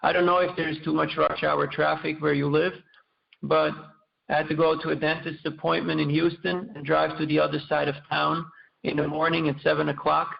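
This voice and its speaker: A man giving a scripture class in a measured, storytelling way, with some fillers and repeated words. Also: a little high, little pitch movement, creaky, roomy sound. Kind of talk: sermon. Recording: dull lo-fi recording.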